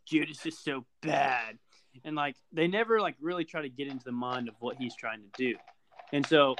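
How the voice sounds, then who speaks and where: A young man co-hosting a podcast in casual chat, explaining a theory with animated, laughing energy. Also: medium pitch. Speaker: podcast co-host.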